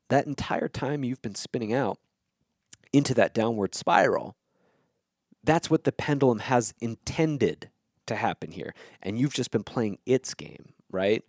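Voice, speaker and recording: A man's voice: medium pitch, lively intonation, moderate pace, darkish tone, no room sound, clean studio sound. A man hosting a podcast, talking through ideas in a casual, blunt way, swearing freely and checking in with "okay?" and "right?". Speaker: podcast host. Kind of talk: casual explanatory monologue.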